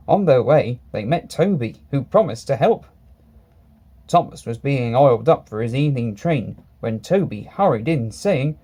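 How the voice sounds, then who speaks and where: Lively, expressive male storyteller. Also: medium pitch, moderate pace, slightly rough. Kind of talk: storybook reading.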